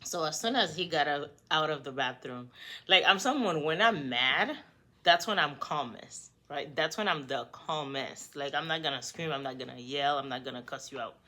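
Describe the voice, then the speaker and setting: A woman vlogger telling a story in a lively, conversational way, talking straight to the viewer. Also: deep voice, moderate pace. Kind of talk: storytime vlog.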